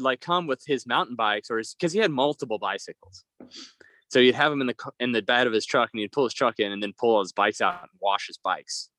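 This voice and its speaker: Young man, lively, swearing storyteller. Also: mid-range voice, no room sound. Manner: rambling, profane, laughs while telling stories. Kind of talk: casual storytelling chat.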